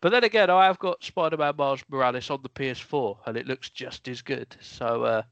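A man co-hosting a podcast, speaking softly and earnestly in a halting, casual way. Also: mid-range voice, gravelly, no room sound, highs cut off. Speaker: podcast co-host. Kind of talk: casual chat.

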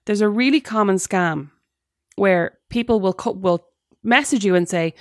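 A woman co-hosting a casual chat podcast, telling stories in an animated way and mimicking the people she quotes. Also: mid-range voice, normal speed, no echo, studio quality. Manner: animated storytelling, mimicking others. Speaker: podcast co-host. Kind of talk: casual chat between sisters.

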